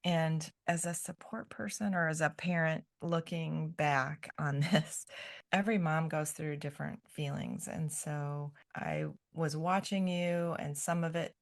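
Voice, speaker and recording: A middle-aged woman, a grandmother, talking as a podcast guest in a gentle, thoughtful way, often pausing to find her words. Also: low voice, steady tone. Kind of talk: reflective podcast conversation.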